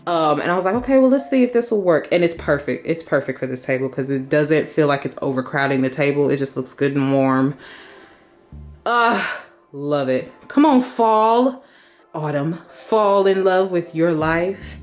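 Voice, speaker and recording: A young woman chatting casually to camera at home as a decor vlogger, upbeat and chatty with relaxed slang. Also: low voice, measured pace, soft background music. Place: at home in her entryway.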